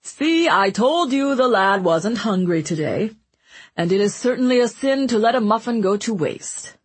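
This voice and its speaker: A woman voicing a fat, greedy Genovese man who jokes and banters loudly about food in a storybook reading. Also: fairly high pitch, lively intonation, moderate pace, breathy edge, voice pushed up. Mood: wheedling. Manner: jovial, bantering, relishing food.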